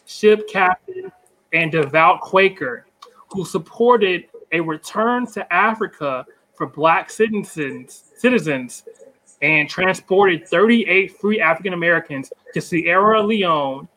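A man with a high voice presents a trivia fact on a casual podcast. He hedges and restarts a little before pushing ahead. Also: expressive, slow pace, sharp tone, low-quality recording. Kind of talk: casual chat.

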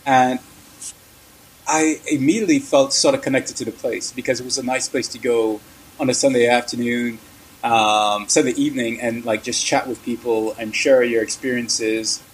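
A man's voice: mid-range voice, fairly even intonation, normal speed, slight background noise, rough recording. A man telling a story as an interview guest, in a casual, rambling, conversational way.

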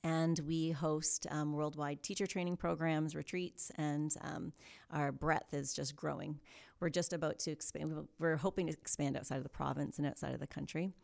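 Low-voiced woman telling a story. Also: normal speed, gravelly. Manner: animated storyteller, upbeat. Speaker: yoga studio co-founder, guest. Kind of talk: casual interview chat.

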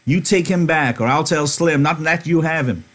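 A man's voice: a little high, normal speed, fairly bright tone, pitched above the performer's own voice. A man reading aloud as a stern, protective ranch worker who talks firmly. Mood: scolding. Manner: firm, scolding.

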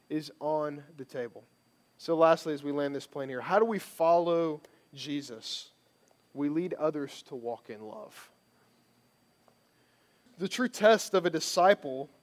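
A man giving a sermon as a pastor, conversational and emphatic, repeating phrases for stress. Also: fairly high pitch.

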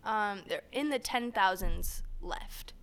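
A woman's voice: mid-range voice, slow, fairly bright tone, smooth. Woman sharing animal facts, casual chat. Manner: laughs often, explains facts casually. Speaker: podcast co-host presenting animal facts.

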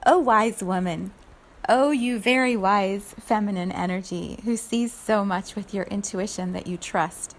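A woman voicing a sly, flattering snake that tempts with honeyed words. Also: mid-range voice, unhurried, slight background noise, natural voice. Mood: coaxing.

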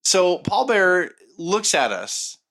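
A middle-aged man spinning a story on a chatty podcast, his pitch swinging up and down a lot as he goes. He is profane and sardonic, dropping into mocking impressions of the people he talks about. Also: big pitch swings, slow pace, a bit bright. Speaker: podcast co-host telling a story. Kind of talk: casual storytelling chat.

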